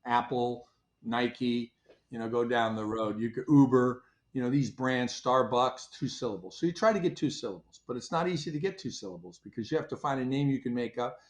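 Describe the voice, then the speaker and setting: A man's voice: mid-range voice, a little fast. An older man, a company founder, recounts how he started his business. He tells it like a casual story and acts out what people said along the way. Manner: animated storyteller, acts out his own past dialogue. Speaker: company founder, interview guest.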